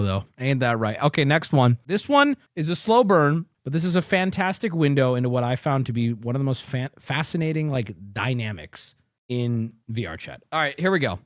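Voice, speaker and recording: Animated joking male streamer. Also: mid-range voice, no room sound, clean studio sound. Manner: crude, joking, incredulous. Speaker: streamer host. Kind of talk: casual reaction commentary.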